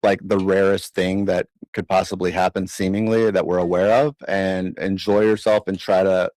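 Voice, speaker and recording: Rambling man with a low voice. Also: little pitch movement, moderate pace, a little mellow, dry recording, low-quality recording. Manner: rambling, hesitant, full of fillers. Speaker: caller. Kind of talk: casual chat.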